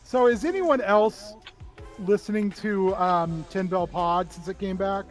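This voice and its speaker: A man with a notably high speaking voice, chatting casually on a live stream. He talks with enthusiasm, bringing up favorite scenes and topics, and there is a faint hint of music behind him. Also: measured pace. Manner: enthusiastic, quoting film lines.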